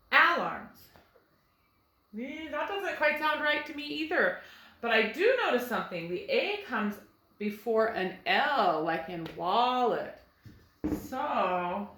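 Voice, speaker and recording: A woman teacher leads a phonics lesson for first graders. Her voice is bright and a little high, and she moves slowly and patiently through each sound. The recording has a noticeably echoey room. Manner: slow, patient, sounding words out.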